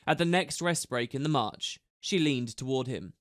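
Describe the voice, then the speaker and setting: A man narrating an audiobook in a steady storytelling manner. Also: mid-range voice, normal speed, no echo, clean studio sound.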